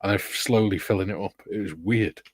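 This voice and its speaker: Low-voiced Welsh man chatting on a stream. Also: fairly quick, slightly rough, no echo. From Wales. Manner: laughs often, tells anecdotes, reads viewer comments aloud. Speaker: co-host. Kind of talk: casual livestream chat.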